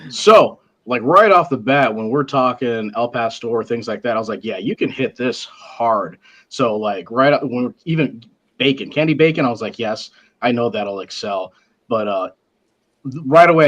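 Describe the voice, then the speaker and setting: Casting note: a married man, mid-pitched, joking and rambling, casual podcast talk. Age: adult, married. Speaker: panelist tasting rubs.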